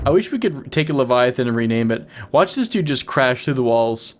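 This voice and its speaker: A man's voice: medium pitch, very animated, fairly quick, few pauses, soft background music. A young man giving playful, casual commentary on his game as the host of his gaming channel, laughing often with wheezing giggles.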